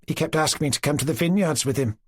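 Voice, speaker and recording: A man voicing a proud young Cossack girl who answers quietly, firmly and seriously. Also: a little high, fast, breathy edge, no echo, studio quality, pitched above the performer's own voice.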